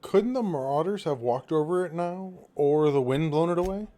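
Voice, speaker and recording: A man who plays the game and reads the player's lines aloud, quick and matter-of-fact. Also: a little high, expressive, background noise. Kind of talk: reading game dialogue aloud.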